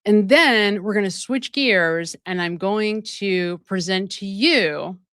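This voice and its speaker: A woman's voice: medium pitch, takes it slowly, smooth, dry recording, clean studio sound. A woman hosting a live stream of true crime commentary, talking straight to her viewers with emphatic asides and frequent laughs. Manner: animated and emphatic, laughing often mid-sentence. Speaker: livestream host.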